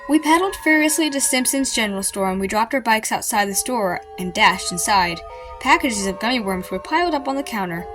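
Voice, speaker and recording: A mother reading a children's chapter book aloud to her kids, in a lively, dramatic way. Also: on the high side, a little fast, faint music behind. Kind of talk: storybook read-aloud.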